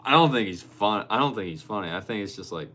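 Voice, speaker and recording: Low-voiced young man chatting with his live stream. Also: fast talker. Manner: chatty, answers chat comments by name, animated storytelling. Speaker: livestreamer reading chat. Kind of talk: casual live-stream chat.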